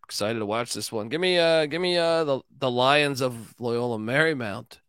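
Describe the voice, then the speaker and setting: A man's voice: mid-range voice, normal speed, a bit bright, clean tone, no echo, clean studio sound. A man hosting a casual sports betting show, loose and joking, swearing and laughing as he gives his picks. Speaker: sports betting podcast host.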